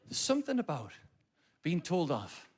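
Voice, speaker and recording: A man's voice: on the high side, normal speed, breathy edge. Ranting comedian in his thirties. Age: 30s. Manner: animated ranting, sudden shouts. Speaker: stand-up comedian. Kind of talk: stand-up comedy routine. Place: large theatre stage.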